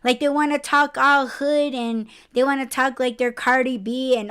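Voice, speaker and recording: A woman's voice: high voice, fairly even intonation, measured pace, fairly bright tone, clean tone. A woman hosting a casual podcast conversation. She rants bluntly, swears a lot and breaks into emphatic, rising outbursts. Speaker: podcast host.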